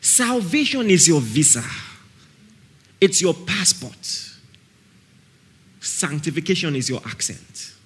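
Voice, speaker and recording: A man's voice: fairly high pitch, sing-song, slow pace, long pauses, a bit bright, breathy edge. A man with a Nigerian accent preaching a sermon at a camp meeting. He is emphatic, repeats key phrases and keeps asking his listeners whether they follow him.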